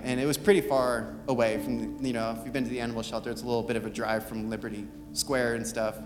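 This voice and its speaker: A man's voice: medium pitch, little pitch movement, fast, few pauses. A young man giving a sermon, talking earnestly and casually, with fillers, as he tells a story. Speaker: youth speaker. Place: church hall. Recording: long hall reverb, music behind. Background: soft guitar.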